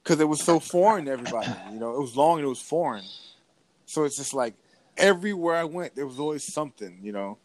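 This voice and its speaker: A man co-hosting a casual podcast, telling stories in a lively way with frequent restarts. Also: on the high side, quick pace. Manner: animated storytelling with frequent restarts. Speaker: podcast co-host. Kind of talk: casual conversation.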